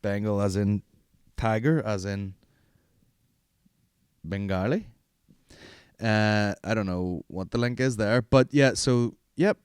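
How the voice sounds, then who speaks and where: A man's voice: lowish voice, slow pace, pauses often, darkish tone, clear, resonant tone, no echo, clean studio sound. A man, hosting a podcast in rambling, profane, jokey casual chat. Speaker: podcast host.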